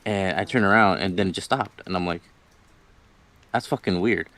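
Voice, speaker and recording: A man's voice: low-pitched, normal speed, a bit bright. A young man telling a personal ghost story in a casual, rambling way, full of "like" and "you know" and quoting himself.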